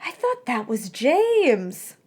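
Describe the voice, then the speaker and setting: A woman's voice: a little high, wildly swooping pitch, takes it slowly, darkish tone, slightly rough, voice pushed up, exaggerated voice. A sulky, tearful teenage witch girl, read by a woman telling a story. She snaps and grumbles in short, cross lines. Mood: bickering.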